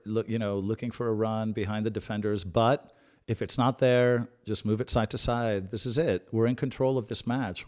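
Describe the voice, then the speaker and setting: Chatty man giving live fan commentary. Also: mid-range voice. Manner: calm tactical analysis with sudden excited outbursts; chatty, repeats himself and restarts phrases. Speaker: host of a live match watch-along.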